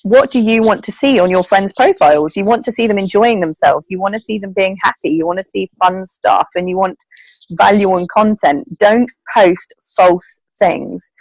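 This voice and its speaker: A woman leads her team over a video call, in a chatty, heartfelt style full of fillers. Her pitch sits in the middle of the range. The sound is dry, with no room echo. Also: normal speed. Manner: chatty, earnest, emotional, with many fillers and laughs. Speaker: network marketing team leader. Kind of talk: casual group video call talk.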